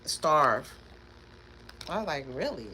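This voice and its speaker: A woman's voice: low voice, sing-song, slow, bright, forceful tone, a little hiss or hum. A woman, talking in a rambling, emphatic way during a casual live tarot stream, often repeating words and laughing. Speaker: tarot reader.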